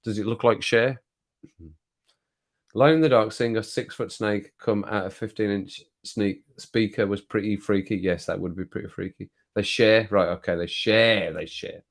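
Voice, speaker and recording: A man's voice: fairly low pitch, normal speed. A man hosting a casual live stream, chatting and reading viewer comments aloud with frequent laughter.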